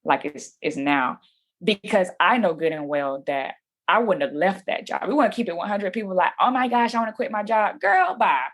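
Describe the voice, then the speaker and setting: A woman's voice: mid-range voice, lively intonation, moderate pace. A woman telling her story as a guest on a podcast. She talks casually and with animation, uses slang and acts out what people said.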